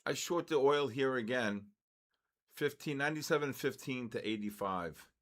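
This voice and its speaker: An older man calls the markets live for his viewers, blunt and quick to get excited, tossing off asides as he answers the chat. His voice sits in a plain middle register. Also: mid-range voice. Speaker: trading stream host.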